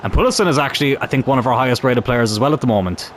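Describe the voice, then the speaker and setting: A young man commentating on his own football video game in a chatty, animated way, swearing mildly as he plays. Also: mid-range voice, very fast, a little hiss or hum. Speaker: gaming YouTuber.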